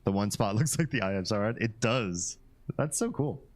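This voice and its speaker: A man's voice: on the low side, moderate pace. A man hosting a live stream, chatting casually with viewers, reading their comments and laughing often. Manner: relaxed, chatty, laughs often, reads chat aloud.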